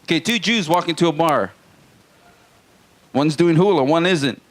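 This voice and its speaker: A man's voice: on the high side, normal speed. A man from Hawaii doing a live stand-up routine in a small comedy venue, with crude jokes and playful banter with the crowd.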